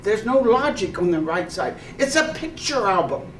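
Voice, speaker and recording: A man's voice: sits high, sing-song, normal speed, fairly bright tone. A man leading a workshop, lecturing a live audience and firing rhetorical questions at them. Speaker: workshop leader. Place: indoor workshop room. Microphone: far camera mic, no personal mic. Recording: echoey room from far off with faint noise.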